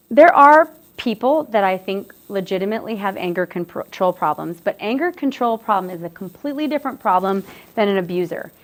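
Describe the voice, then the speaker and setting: A woman gives a relaxed, conversational educational talk to a group of students. Her pitch sits in a middle range, and she often circles back and restarts her phrases as she explains. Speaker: presenter on dating violence.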